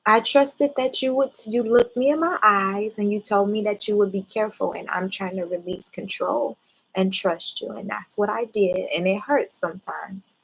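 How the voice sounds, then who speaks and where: A mother calmly questioning her child about a mistake, patient and measured while she holds back tears. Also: medium pitch, creaky, slightly rough, rough recording. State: close to tears, holding back. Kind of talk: parent talking a child through a mistake.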